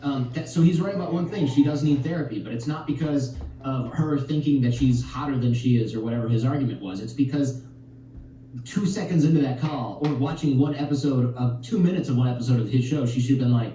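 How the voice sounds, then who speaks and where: A man's voice: mid-range voice, a little fast, heavy reverb, recorded from a distance, a little hiss or hum, low-quality recording. A man talking on a podcast, telling relationship stories and acting out the lines of other people. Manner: animated storytelling, acts out quotes. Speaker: podcast guest. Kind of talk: podcast conversation.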